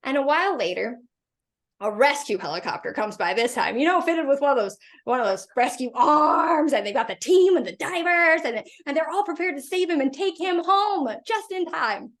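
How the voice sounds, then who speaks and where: A woman's voice: sits high, expressive, moderate pace, a bit bright. A woman giving a faith-based motivational talk to women, telling a story and acting out the voices in it. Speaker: host.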